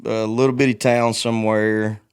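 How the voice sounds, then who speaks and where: A man in his forties speaks as a guest in a casual conversation, open and quick to poke fun at himself. His voice is smooth and resonant, and it sits on the lower side. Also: level tone. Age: 40s. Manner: frank and self-deprecating, laughs easily. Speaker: guest musician.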